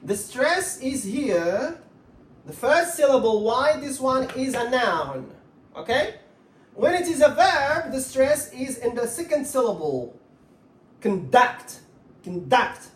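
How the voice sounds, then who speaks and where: A woman's voice: sits high, sing-song, takes it slowly, roomy sound, far from the mic. A woman teaching an English grammar lesson, patiently repeating words to drill the stress.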